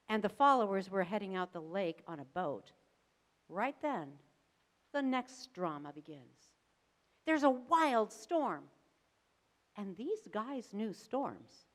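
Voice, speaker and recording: A woman pastor delivers a sermon at an unhurried pace, shaping the story with dramatic emphasis and pauses. Her voice carries a long, ringing reverb from a church sanctuary. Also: mid-range voice.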